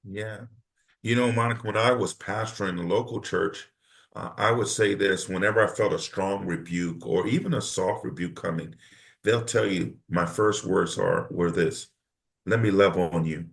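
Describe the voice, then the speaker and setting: Gravelly-voiced pastor preaching in conversation. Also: male voice, sits low, moderate pace. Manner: emphatic, preacherly cadence. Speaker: pastor, podcast guest.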